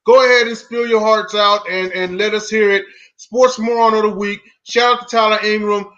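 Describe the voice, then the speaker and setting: A man's voice: high-pitched, fairly even intonation, normal speed, bright, forceful tone, dull audio. A man hosting a casual sports podcast, joking and laid-back as he runs the show. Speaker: podcast host.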